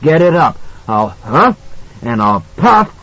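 A drunken, half-mad man in a dog costume growls threats low in his throat, then breaks into violent, despairing shouts, as a male audiobook narrator puts him on. The recording sounds a little dull and lo-fi. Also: expressive, measured pace, dry recording. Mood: drunken raging. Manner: growling taunts turning to ranting shouts.

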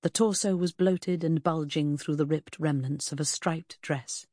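A woman narrating a novel in the first person, in a measured reading that slows on grim details. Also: deep voice, fairly even intonation, a little mellow, no echo, studio quality. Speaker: audiobook narrator.

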